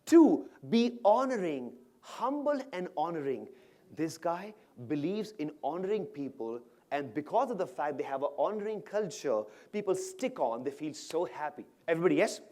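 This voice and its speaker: A man's voice: fairly high pitch, expressive, moderate pace, hardly any pauses, darkish tone. A man giving a motivational keynote on stage, telling a story dramatically and pulling the audience in with questions. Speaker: motivational speaker. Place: stage at an awards event.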